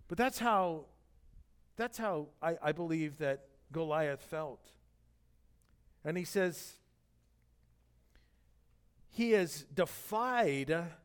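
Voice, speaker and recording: A middle-aged man, a pastor, delivering a sermon in a conversational, animated storytelling manner with jokes and asides. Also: on the high side.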